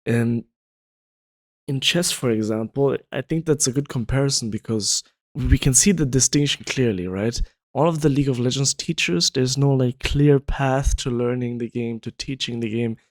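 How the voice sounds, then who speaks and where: Hosting his own video, a man explains his views casually and ramblingly, leaning on frequent "you know" fillers, his voice worn and tired. The pitch is medium, the pace moderate, and the recording dry.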